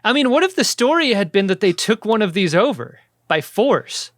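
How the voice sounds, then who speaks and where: Male podcast co-host, slightly high and clear, dry close mic, crude jokey banter. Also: very animated, moderate pace, fairly bright tone, no echo. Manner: crude, joking, acts out quotes. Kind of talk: casual comedic chat.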